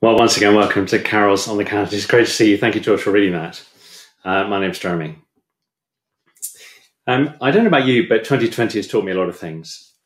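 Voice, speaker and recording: A man giving a sermon in a relaxed, chatty way, hesitant with lots of ums and self-deprecating humour. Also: lowish voice, fairly quick. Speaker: preacher. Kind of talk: casual talk in a church sermon. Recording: echoey room.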